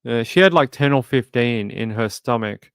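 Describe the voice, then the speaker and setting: A man's voice: mid-range voice, lively intonation, moderate pace, creaky, clean tone, dry recording, studio quality. A man hosting a true crime livestream, chatting casually and reading viewer comments aloud with sympathy. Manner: conversational, sympathetic, reads chat aloud.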